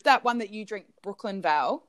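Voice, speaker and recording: A woman's voice: mid-range voice, lively intonation, a little fast. Cheeky young woman podcaster. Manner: cheeky, laughing. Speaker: podcast co-host. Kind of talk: casual chat.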